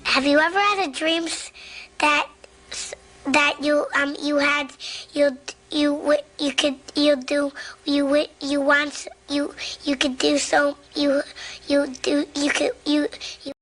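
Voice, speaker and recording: A man's voice: very high voice, level tone, slow, sharp tone, voice pushed up, exaggerated voice. A man doing a mocking impression of a stammering man who cannot finish a sentence, repeating each word.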